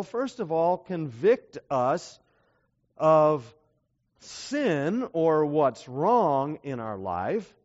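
High-voiced slow-paced man preaching. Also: a little mellow, muffled recording. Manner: asks the audience frequent rhetorical questions. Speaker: pastor. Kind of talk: sermon.

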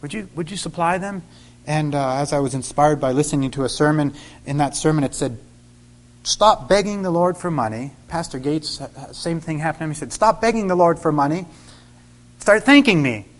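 Middle-aged male preacher, higher pitch, animated testimony with acted-out dialogue. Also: moderate pace. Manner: animated storyteller, acts out dialogue with sudden loud bursts. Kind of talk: sermon storytelling.

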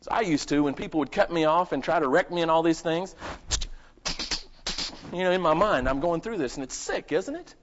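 A man's voice: high-pitched, lively intonation, moderate pace, long pauses. Emphatic male preacher on a lo-fi recording. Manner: swings between loud, emphatic bursts and quiet asides; asks the congregation rhetorical questions. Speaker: pastor. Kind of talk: live sermon. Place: church service. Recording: lo-fi dull recording.

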